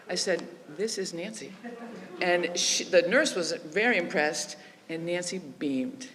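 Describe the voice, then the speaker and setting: A woman's voice: deep voice, normal speed, fairly bright tone, a little hiss or hum. A woman speaking at a memorial service, telling heartfelt personal stories and quoting others in her own voice. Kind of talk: personal eulogy with anecdotes. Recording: reverberant hall with faint ambience.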